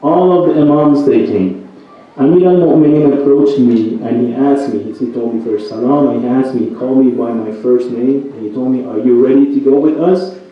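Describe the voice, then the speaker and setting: A man's voice: medium pitch, moderate pace. A man giving a night sermon who tells a story and keeps checking in with his listeners with "right?". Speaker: religious speaker. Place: religious center hall. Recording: roomy echo, distant mic, dull sound.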